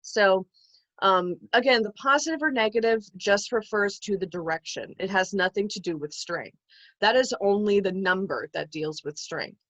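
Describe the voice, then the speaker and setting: A woman's voice: medium pitch, moderate pace, fairly bright tone, no room sound. A woman instructor giving a recorded psychology lecture from home, explaining carefully with frequent ums and restarts. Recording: dull lo-fi, dry.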